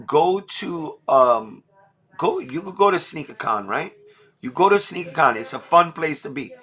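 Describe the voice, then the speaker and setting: A man's voice: a little high, fairly bright tone. A middle-aged man talking emotionally on a livestream, blunt and full of street slang. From New York. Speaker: livestream host. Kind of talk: emotional casual livestream talk.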